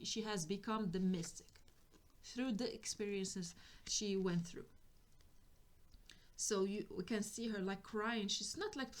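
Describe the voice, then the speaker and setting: A woman giving a tarot reading for spiritual guidance, speaking hesitantly and often restarting as she searches for words. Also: mid-range voice. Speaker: tarot reader.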